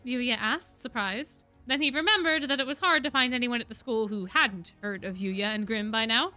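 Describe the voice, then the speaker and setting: A woman reading a novel aloud on a stream, expressive, often dropping her voice for emphasis. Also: normal speed, few pauses, faint music behind. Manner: expressive, with frequent drops in pitch and volume for emphasis.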